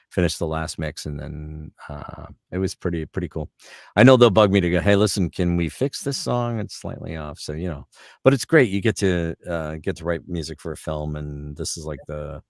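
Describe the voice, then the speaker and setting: Deep-voiced middle-aged man telling stories. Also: fairly quick, dry recording, studio quality. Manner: animated anecdotes, slips into character voices for quotes. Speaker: voice actor guest. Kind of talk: casual storytelling chat.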